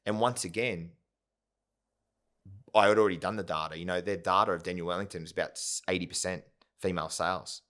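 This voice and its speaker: A man's voice: low voice, fairly even intonation, a little fast, long pauses, a bit bright. A man, a company founder telling his story in a casual interview, often checking in with "yeah?" and "right?". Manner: rambling, full of "yeah?" and "right?" tags. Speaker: podcast guest, company founder.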